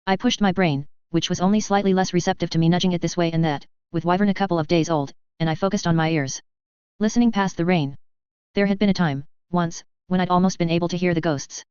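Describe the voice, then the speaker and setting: Clear, low-voiced woman reading a novel. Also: quick pace, darkish tone, dry recording. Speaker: audiobook narrator. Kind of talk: first-person novel narration. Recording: slightly dull, dry close recording.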